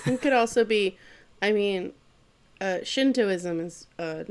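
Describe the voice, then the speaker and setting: A woman's voice: mid-range voice, slow pace, darkish tone, clear, resonant tone. A woman casually retelling an anime plot, swearing offhandedly and laughing as she goes. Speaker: podcast co-host. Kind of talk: casual chat recapping an anime.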